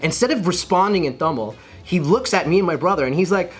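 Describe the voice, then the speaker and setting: A man's voice: high voice, expressive, fast talker, slightly rough, faint music behind. A man in his thirties with an American accent, chatting as a podcast guest and acting out other people's voices as he tells stories. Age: 30s. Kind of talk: casual chat.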